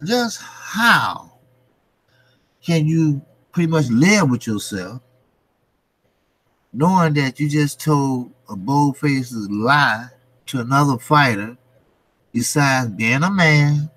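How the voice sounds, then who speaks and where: Brief: male commentary host, unhurried, blunt profane rant, dry close sound. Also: medium pitch, expressive, fairly bright tone, no echo. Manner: blunt, profane, repeats rhetorical questions. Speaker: boxing commentary channel host. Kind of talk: casual ranting commentary.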